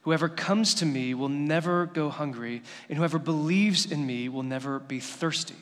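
A pastor in his thirties delivers a sermon, talking conversationally with the congregation and then building to emphatic declarations. His voice sits a little higher than most men's. The sound carries a long reverb from the church sanctuary. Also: normal speed. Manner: conversational preaching that builds to emphatic, rising passages.

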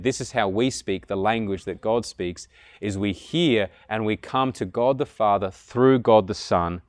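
A man preaching a sermon in an earnest way, rising to loud, emphatic peaks. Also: on the low side, no echo, clean studio sound.

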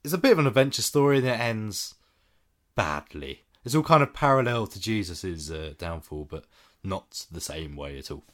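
A man casually chatting about a film as a podcast co-host, enthusiastic, his phrases trailing off low. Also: animated, normal speed, a bit bright.

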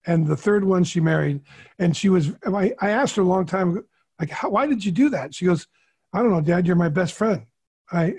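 A man's voice: high-pitched, a little mellow, slightly rough. A middle-aged man, a podcast co-host, telling a heartfelt personal story in an earnest way and often repeating words. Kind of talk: candid storytelling.

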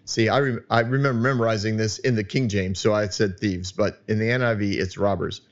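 A man hosting his own podcast, talking at a studio mic in an animated, emphatic way that turns loud. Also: on the low side, fairly quick, muffled recording. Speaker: podcast host. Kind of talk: solo podcast monologue. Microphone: studio microphone.

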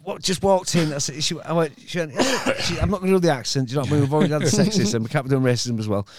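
A man's voice: a little high, racing. A man, telling a rambling, stop-start anecdote full of repeats and swearing on a podcast. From Hull, England. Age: 50s. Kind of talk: casual chat, anecdote telling.

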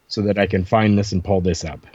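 Low-pitched and brisk with a breathy edge, this man is a podcast guest spinning stories in a casual chat. He animatedly performs the lines of the people he quotes, and the recording has no echo but its highs are cut off.

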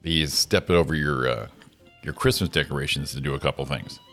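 A man's voice: extremely low pitch, brisk, a bit bright, soft background music. A man co-hosting a casual morning show, joking, laughing often and swearing casually. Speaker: co-host.

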